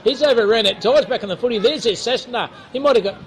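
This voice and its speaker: Australian man, high-pitched football caller, jokey, faint crowd outdoors. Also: fast. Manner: jokey, chatty banter between calls. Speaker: football commentator. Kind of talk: live local football commentary.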